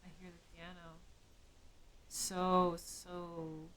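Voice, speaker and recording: A woman's voice: lowish voice, flat delivery, drawn-out words, fairly bright tone, rough recording. Woman musing through a horror game. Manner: musing, thinking aloud, jokey asides. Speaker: streamer. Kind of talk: live game commentary.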